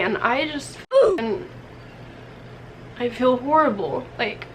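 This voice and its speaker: A woman's voice: big pitch swings, takes it slowly, pauses often, slight background noise, poor audio. Young woman telling an emotional story. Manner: emotional, rambling, acts out quoted dialogue with higher voice. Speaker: vlogger. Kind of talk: personal storytelling vlog.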